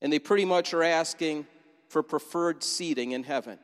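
A fairly high-voiced man preaches a sermon, painting a scene and inviting the congregation to imagine themselves in it. His voice rings out with a long reverb through a church sanctuary. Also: moderate pace, clear, resonant tone. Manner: vivid storytelling, inviting listeners to imagine. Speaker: pastor.

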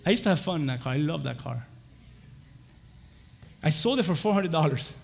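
Young man, preacher, lively storytelling, laughs a lot, slightly high voice, long church reverb. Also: fairly quick, gravelly, a little hiss or hum. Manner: animated, laughing, acts out voices in his stories. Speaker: pastor. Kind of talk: sermon with storytelling.

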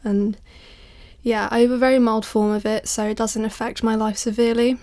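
A woman's voice: on the high side, flat delivery, a little fast, a little mellow. A woman talking casually on a podcast, chatty and self-deprecating, a little out of breath. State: a bit out of breath. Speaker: podcast guest.

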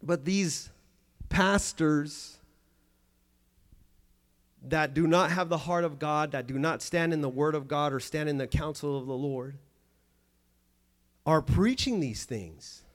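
A man's voice: a little high, slow, pauses often. A man preaching a sermon in church, earnest and emphatic, often restarting and repeating phrases.

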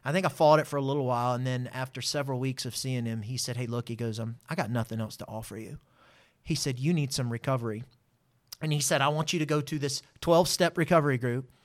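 A man, a guest telling a personal testimony with lively acted-out dialogue. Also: mid-range voice, quick pace. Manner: animated, acts out voices in his story. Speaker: interview guest. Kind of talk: storytelling testimony.

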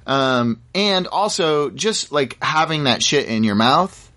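A man's voice: on the high side, expressive, slow pace, pushed and bright. A man in casual chat, telling a story from a shoot with lots of fillers and restarts. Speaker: guest actor.

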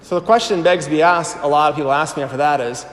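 A priest in his thirties telling his personal testimony to a live audience. He tells it with animated storytelling and acts out the voices he quotes. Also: fairly high pitch, fast. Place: large hall before an audience. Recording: echoey hall with long reverb.

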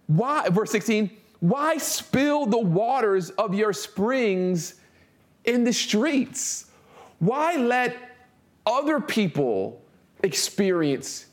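A young man delivers a sermon in a light, high-pitched voice. He reads the scripture passage steadily, then breaks into casual, slangy commentary, slowing down to stress the key words. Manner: slows and stresses words for emphasis. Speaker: preacher.

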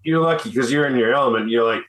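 A man's voice: mid-range voice, fast, a bit bright, low-quality recording. A man co-hosting a podcast, chatting in a laid-back way and stammering over his first words. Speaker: podcast co-host. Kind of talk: casual chat.

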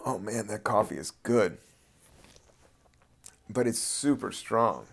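Low gravelly-voiced man, rambling. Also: expressive, takes it slowly, fairly bright tone. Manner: loose, meandering, swearing freely. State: a little high. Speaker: comedian and podcast host. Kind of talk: casual rambling podcast monologue.

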